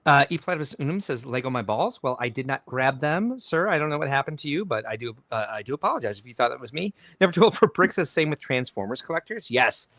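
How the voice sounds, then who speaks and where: A man's voice: mid-range voice, fast talker, few pauses, dry recording. A man hosting a casual livestream podcast, chuckling as he reads viewer comments aloud. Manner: animated, chuckles while reading comments aloud. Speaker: podcast host.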